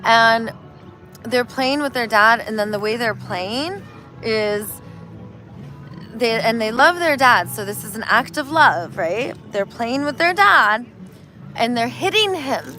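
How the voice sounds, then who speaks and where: A woman, a spiritual healer, talking casually and telling animated stories, acting out voices as she goes. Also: a little high, takes it slowly, soft background music, rough recording. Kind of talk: casual street conversation.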